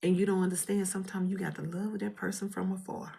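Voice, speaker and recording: A woman giving an emotional spoken testimony in a fervent, preacher-like way, often dropping to a hushed whisper while holding back tears. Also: mid-range voice, fairly even intonation, fast, gravelly. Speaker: vlogger sharing a testimony.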